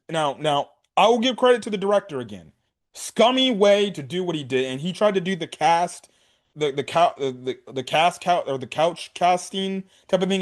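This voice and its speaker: A man giving a casual anime episode review in an excited, rambling, often profane way. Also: on the high side.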